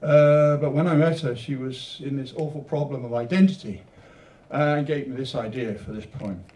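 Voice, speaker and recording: At a poetry reading in a literature venue hall, a Welshman introduces his own rhyming poems conversationally, then reads them with rhythm. His voice is mid-range, a little mellow, and moderately paced, captured in a roomy space from a distant mic.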